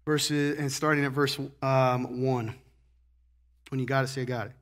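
A man preaching a sermon, joking and animated, acting out little scenes and clearing his throat often. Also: medium pitch, measured pace. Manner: joking, animated, acts out characters. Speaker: pastor.

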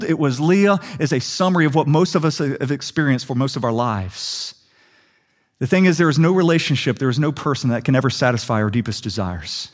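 Young male pastor, lively storytelling sermon, voice a bit high. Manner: animated storytelling preacher, quick asides.

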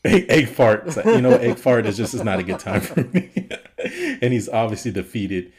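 Male podcast co-host, lower register, easygoing scene-by-scene recap. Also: lively intonation, moderate pace, a little mellow. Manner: retells scenes with frequent laughter. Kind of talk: casual film review chat.

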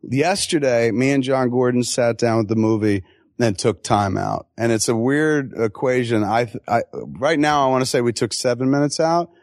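A man answering audience questions at a live Q&A, telling stories in an animated, profane way with quick asides and acted-out quotes. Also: mid-range voice, no room sound, studio quality. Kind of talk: live Q&A storytelling.

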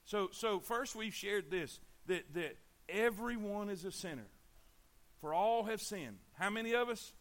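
A man's voice: sits high, lively intonation, measured pace, fairly bright tone. A man preaching a sermon, emphatic, repeating himself and asking the congregation to answer back. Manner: emphatic, repeats words and asks the congregation for replies. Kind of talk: sermon on sharing the gospel.

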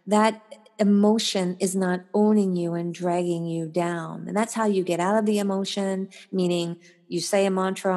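A woman guest on a podcast interview, a life coach who tells stories with animation and acts out the voices in them. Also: moderate pace. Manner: animated storyteller, acts out voices with big pitch jumps.

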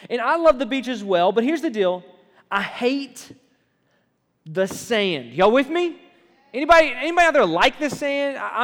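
A man preaching a conversational sermon to a group, lively and often checking in with his listeners. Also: high-pitched. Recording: long hall reverb.

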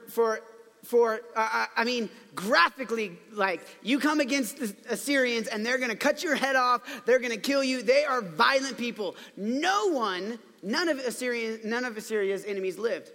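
A high-voiced man preaches a casual, storytelling sermon in a chatty way, full of playful asides. His voice is bright and sharp. It rings with a long reverb, as in a large hall.

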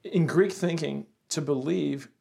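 A man's voice: on the high side, a little slow, gravelly. A man co-hosting a casual chat, telling stories animatedly and calling his friend bro. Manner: animated storyteller, says bro and crazy. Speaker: co-host.

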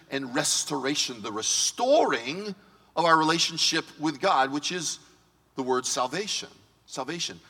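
A male pastor preaching a sermon to his congregation, lively and joking, talking straight to the people in front of him. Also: a little high. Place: church sanctuary. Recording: long reverb of a big church hall.

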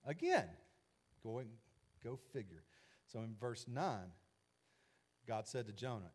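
A man's voice: mid-range voice, sing-song, slow pace, pauses often, darkish tone. A man preaching a sermon in a conversational, emphatic way. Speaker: pastor.

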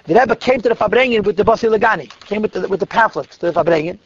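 Gravelly-voiced man telling a story. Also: high-pitched, rapid-fire. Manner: vivid, dramatic, drops to a hush at tense moments. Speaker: storyteller speaking to girls. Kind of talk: animated storytelling talk. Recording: dull lo-fi dry recording.

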